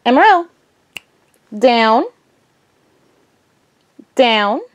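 A woman's voice: a little high, big pitch swings, drawn-out words. A young woman vlogging casually, giving her dog short firm commands and sing-song praise.

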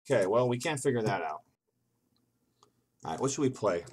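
A man's voice: fairly low pitch, expressive, brisk, pauses often, a little mellow, slight background noise. A man reading an old computer game's text aloud and reacting to it with sarcastic, swearing asides. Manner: sarcastic, swearing, laughing at the game. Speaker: gaming video host.

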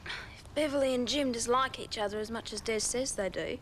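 An actress playing a gentle older woman with a sore back in a 1980s soap opera, calm and reassuring. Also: a little high, brisk, a little hiss or hum, lightly acted.

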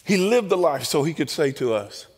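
Animated preacher in a reverberant chapel. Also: male voice, on the high side, moderate pace, slightly rough. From American South. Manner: animated storyteller acting out voices. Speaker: chapel speaker. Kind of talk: storytelling sermon. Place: college chapel.

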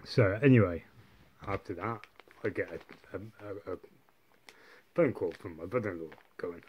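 A man's voice: low-pitched, normal speed, long pauses, a little mellow, slight background noise. A man telling a long story to camera, rambling and swearing heavily, with constant tag questions like "yeah" and "right". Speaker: vlogger. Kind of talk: casual monologue.

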